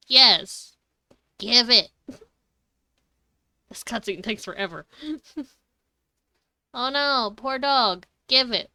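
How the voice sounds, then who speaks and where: A woman's voice: on the high side, big pitch swings, very slow, pauses often, bright, forceful tone, dry recording. A woman streaming a video game live, chatting casually, giggling often and swearing freely. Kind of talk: casual live gaming commentary.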